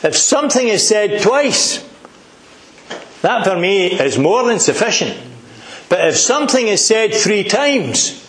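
Middle-aged Scottish preacher, high pitch, emphatic delivery, recorded in a reverberant hall. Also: male voice, big pitch swings, measured pace, a bit bright. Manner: earnest, emphatic, asks the congregation questions. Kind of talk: sermon.

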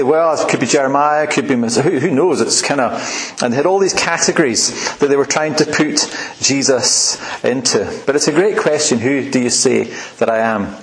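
Conversational male preacher in roomy hall. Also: medium pitch. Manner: conversational, anecdotal, with frequent restarts and fillers. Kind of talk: sermon.

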